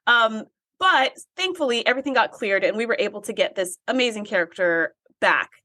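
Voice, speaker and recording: A woman recapping an episode on a podcast, her voice bright and a touch high. She tells the story in an animated way and acts out the quotes as she goes. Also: fairly quick. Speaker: podcast co-host. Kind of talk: casual chat, recapping an episode.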